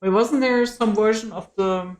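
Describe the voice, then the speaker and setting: A woman's voice: medium pitch, moderate pace, a little mellow. A woman streamer playing a game, chatting casually and reacting aloud as she reads the game's text. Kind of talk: casual gaming livestream chat.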